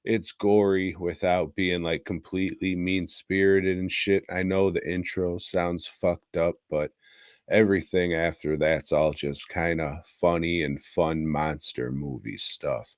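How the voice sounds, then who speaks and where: A man's voice: low-pitched, fairly even intonation, measured pace, no echo, clean studio sound. A man co-hosting a movie podcast, recapping a film in crude, jokey casual chat and breaking into silly voices. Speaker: podcast co-host.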